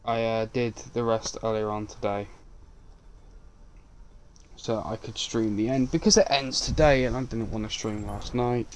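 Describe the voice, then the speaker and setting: A man's voice: on the low side, fairly even intonation, measured pace, long pauses, a little hiss or hum. A man rambling casually while streaming a video game, chuckling between thoughts. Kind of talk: casual gaming stream chat.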